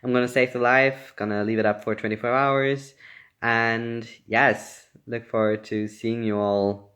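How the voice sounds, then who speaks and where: A man's voice: medium pitch, little pitch movement, a little slow, fairly bright tone. A young man chatting casually on a livestream, reading fan comments aloud and laughing often. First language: German. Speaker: actor answering fan questions.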